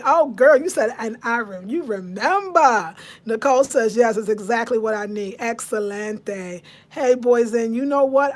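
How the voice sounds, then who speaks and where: A woman in her fifties with a particular way of speaking hosts a casual live chat in a slightly high voice. Chatty, she talks to her viewers and reads their comments aloud, answering them.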